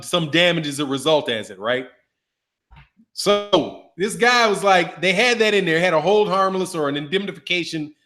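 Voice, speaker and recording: High-voiced guy ranting about boxing deals, slangy and emphatic. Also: a bit bright. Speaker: boxing commentary channel host. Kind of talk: casual commentary.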